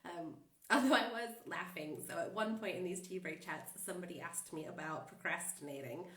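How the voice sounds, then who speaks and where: A woman's voice: lowish voice, moderate pace, a bit bright. Stuffed-up woman chatting in a roomy space. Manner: rambling, with frequent fillers and laughs. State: stuffed up with a cold. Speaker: life coach. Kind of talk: casual chatty monologue. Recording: roomy and distant from the mic.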